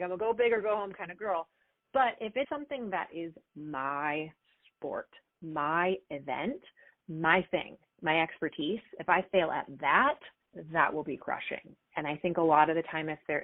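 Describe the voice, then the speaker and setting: A woman in her forties, a performance coach answering interview questions in an energetic, chatty way. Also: fairly low pitch, no echo. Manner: energetic, chatty, acts out little quoted exchanges. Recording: dry, phone-like remote call audio.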